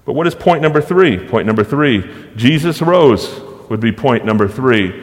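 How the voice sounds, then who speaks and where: A man preaching a sermon as pastor, emphatic, with rhetorical questions and dramatic pauses. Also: medium pitch, animated, long reverb tail.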